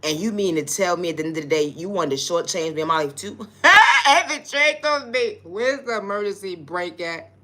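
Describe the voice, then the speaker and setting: A woman's voice: lowish voice, expressive, moderate pace, sharp tone. A woman telling a comic story as an exasperated, profane rant, often breaking into laughter. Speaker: vlogger.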